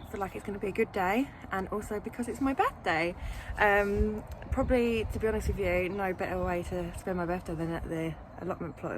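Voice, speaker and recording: Chatty woman outdoors with noise. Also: lowish voice. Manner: chatty, self-deprecating, many ums. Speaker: allotment vlogger. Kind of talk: casual chat to camera. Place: outdoor allotment plot. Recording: outdoor camera audio with noise.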